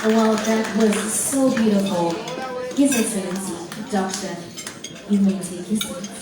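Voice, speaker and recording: A woman's voice: medium pitch, fairly even intonation, a little slow. Woman mc hyping up the room, far off the mic, big echo, crowd and clinking plates. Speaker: event emcee. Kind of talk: announcing at an awards ceremony. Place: large event hall.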